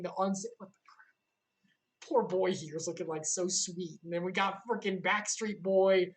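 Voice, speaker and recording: A young woman with a mid-pitched voice chatting through a video game recap on stream. She narrates loosely and keeps dropping sarcastic jokes. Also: poor audio. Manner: joking, sarcastic asides. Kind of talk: casual livestream recap.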